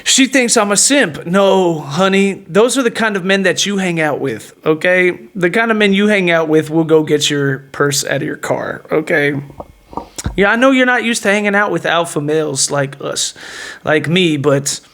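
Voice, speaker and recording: A young man with a high voice tells a long boastful story in a brash, taunting way. He rambles, repeats himself, and laughs at his own lines as he goes. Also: lively intonation, moderate pace, a bit bright. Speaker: podcast host.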